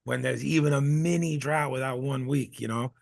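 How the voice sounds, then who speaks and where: A man with a gravelly, creaky edge rambles through casual podcast chat. He stops, restarts and fills gaps with "um" and "you know". The sound is close and dry, with no room around it. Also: medium pitch, fairly even intonation, normal speed, a little mellow, no room sound. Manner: rambling, many restarts and fillers. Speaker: podcast co-host.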